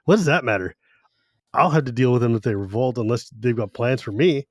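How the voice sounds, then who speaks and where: A man's voice: mid-range voice, brisk, no echo, studio quality, lightly acted. A man voicing a scornful dragon lord. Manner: dismissive, impatient. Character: scornful male red dragon overlord.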